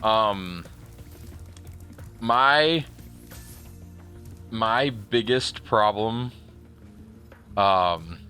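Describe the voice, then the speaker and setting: A man's voice: fairly low pitch, drawn-out words, long pauses, sharp tone, faint music behind. A male streamer chatting casually while playing, telling a rambling story full of restarts and chuckles. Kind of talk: casual chat while livestreaming a game.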